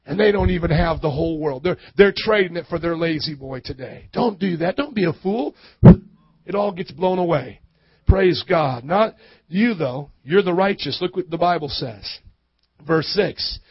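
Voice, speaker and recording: A male pastor giving a sermon, talking conversationally and building up to loud preaching. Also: on the high side, expressive, normal speed, breathy edge, no room sound, lo-fi sound.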